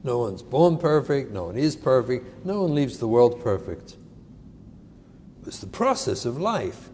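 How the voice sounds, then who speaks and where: A man's voice: medium pitch, sing-song, unhurried, warm tone. A man giving an earnest, emphatic inspirational talk on parenting, mixing in Hebrew terms. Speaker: parenting speaker. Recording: echoey hall, faint noise.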